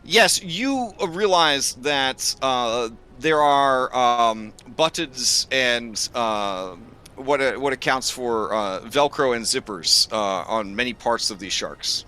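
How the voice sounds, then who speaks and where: Guy running a tabletop game, bright voice, rambly, lots of ums and restarts. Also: mid-range voice, slow pace, hardly any pauses, a little hiss or hum. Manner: rambling, full of fillers and restarts. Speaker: game master.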